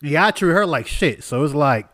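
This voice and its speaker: A man co-hosts a casual podcast in a slightly high voice, recorded dry and close. He is opinionated and crude, and he airs his views bluntly. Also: animated, moderate pace, a bit bright, dry recording. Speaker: podcast co-host. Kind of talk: casual chat.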